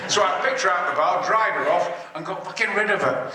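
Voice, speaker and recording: An older man tells stories on a convention stage in a booming, theatrical, sweary way. His voice is high and forceful. It echoes around a big hall, heard from a distance. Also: animated, quick pace. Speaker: actor on a convention panel. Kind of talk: anecdotal storytelling.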